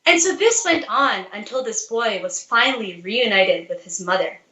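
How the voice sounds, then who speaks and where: A woman's voice: fairly high pitch, animated, moderate pace, sharp tone, echoey room, low-quality recording. A woman giving an earnest devotional talk, telling a story and asking rhetorical questions to urge listeners on. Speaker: devotional speaker.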